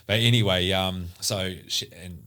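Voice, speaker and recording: A man's voice: sits low, measured pace, pushed and bright. A man telling a personal story on a podcast, rambling with many fillers, restarts and the odd swear word. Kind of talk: casual storytelling.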